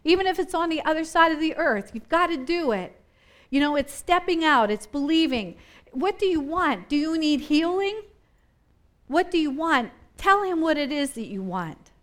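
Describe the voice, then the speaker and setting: A woman delivers a sermon in a high, bright voice. She is impassioned and repetitive, building in intensity and then easing back. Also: expressive, moderate pace. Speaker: preacher.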